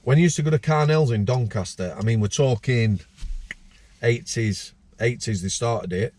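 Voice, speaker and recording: A man telling prison anecdotes in a casual, deliberate way. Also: mid-range voice, a little mellow. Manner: anecdotal, slow deliberate asides. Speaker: former prison officer, host. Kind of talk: casual storytelling chat.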